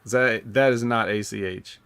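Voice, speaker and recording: A man hosting a casual podcast, talking in a rambling, halting way with many fillers and restarts. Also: lowish voice, fairly even intonation, fairly bright tone, clean tone. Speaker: podcast host.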